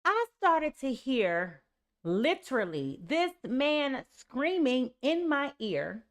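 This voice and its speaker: A woman's voice: sits high, sing-song, takes it slowly. A woman reading tarot on a live stream in an emphatic, casual way, often saying "okay" and "y'all". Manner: sings snatches of songs and reads lyrics aloud. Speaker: tarot reader.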